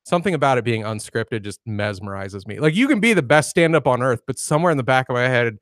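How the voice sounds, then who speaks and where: A man's voice: medium pitch, lively intonation, fast, dry recording, clean studio sound. A man chatting casually as a guest on a podcast, in a reflective manner. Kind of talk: casual chat.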